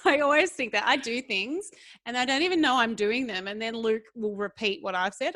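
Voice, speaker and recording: A chatty woman on a podcast, her voice sitting a little high and recorded dry and close. She giggles through her stories and swears without a second thought. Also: brisk, a bit bright, no room sound. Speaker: podcast co-host. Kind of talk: casual chat.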